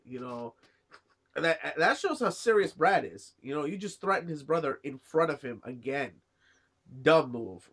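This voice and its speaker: With a fairly high, sing-song voice that sounds pushed and bright, a man at a moderate pace rambles through a casual review of a manga chapter. He's sick and keeps coughing, and his talk is full of fillers like "you know" and "uh."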